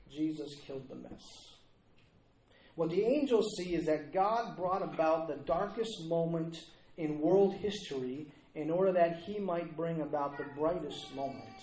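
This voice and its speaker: Earnest preacher in an echoey hall. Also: male voice, on the high side, darkish tone, a little hiss or hum. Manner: earnest, with rhetorical questions. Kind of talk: sermon. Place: church.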